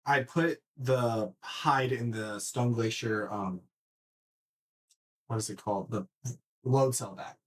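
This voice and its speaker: Man, casual podcast chat, animated, profane, mid-pitched voice, lots of restarts. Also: slow, long pauses. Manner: animated storyteller, swears freely, restarts often.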